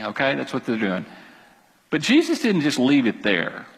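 A man preaching a sermon as pastor, animated and emphatic, with quick asides to his congregation. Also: medium pitch, long reverb tail, poor audio.

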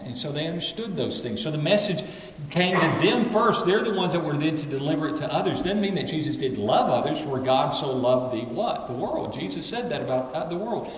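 A man preaching a sermon to a congregation, animated, acting out the people of the story. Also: medium pitch, reverberant, in a large hall, recorded from a distance, a little hiss or hum, poor audio. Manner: animated, acts out voices of the story characters. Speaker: pastor.

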